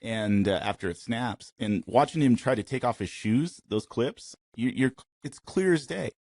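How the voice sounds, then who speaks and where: Expressive joking man in casual chat. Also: mid-range voice, normal speed, no room sound, studio quality. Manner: joking, tangent-prone, expressive. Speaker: podcast co-host.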